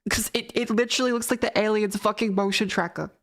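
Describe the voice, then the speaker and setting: A woman's voice: medium pitch, steady tone, fast talker, fairly bright tone. A young woman streamer chatting casually, telling a rambling story full of laughs and swearing. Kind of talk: casual chat.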